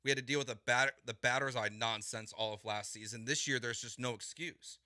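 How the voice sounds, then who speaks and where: A man's voice: mid-range voice, fairly even intonation, fairly quick, pushed and bright, no room sound, studio quality. A man hosting sports talk radio, arguing his point in an emphatic, exasperated way and repeating words for stress.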